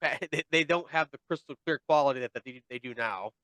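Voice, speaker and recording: A man's voice: medium pitch, fairly quick, bright, forceful tone, dry recording. A man hosting a casual podcast chat, rambling and restarting as he chimes in.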